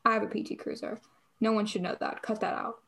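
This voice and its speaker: A woman's voice: mid-range voice, fairly even intonation, fast talker, a bit bright, slightly rough. A young woman co-hosting a podcast, chatting casually and rambling with lots of fillers and restarts. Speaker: podcast co-host.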